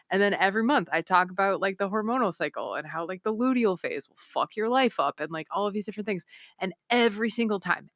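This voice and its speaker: A young woman chats as a podcast guest, her low-set voice bright and forceful and her delivery animated, with lots of "like" and restarts and a few curses thrown in. The sound is dry and close, with no room around it. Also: no echo. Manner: animated, swears freely, many fillers and restarts. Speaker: guest, author of a book. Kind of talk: casual podcast chat.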